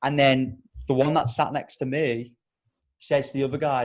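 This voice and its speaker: A man co-hosting a podcast, telling a long anecdote in casual chat, full of swearing and lively detail. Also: mid-range voice, moderate pace. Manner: animated, profane anecdote telling. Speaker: podcast co-host.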